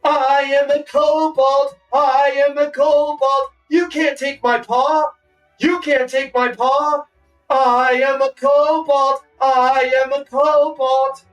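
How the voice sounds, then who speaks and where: A man's voice: very high-pitched, little pitch movement, takes it slowly, a bit bright, distant mic, faint music behind, pitched above the performer's own voice, full character voice, rough recording. A meek little kobold sings a childish sing-song ditty in a raised, chirpy voice. It comes across as a mocking game-creature parody, put on by a man.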